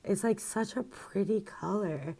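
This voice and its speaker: A woman's voice: medium pitch, a little slow, gravelly, mellow. A woman talking in a rambling, reflective way, with many fillers and restarts, in a casual video diary recorded on her phone. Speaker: vlogger.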